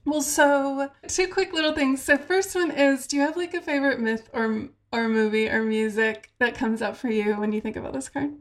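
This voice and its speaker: A woman's voice: high-pitched, fairly even intonation, normal speed, hardly any pauses. A woman hosting a podcast, asking questions and drawing out her guest. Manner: curious, guiding questions, gentle. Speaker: podcast host. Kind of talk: casual podcast conversation.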